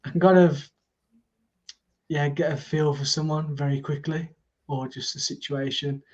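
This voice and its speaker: A man's voice: a little high, steady tone, normal speed, a little mellow. Easygoing man with a dull-sounding voice. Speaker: festival organiser and guest. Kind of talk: casual interview chat.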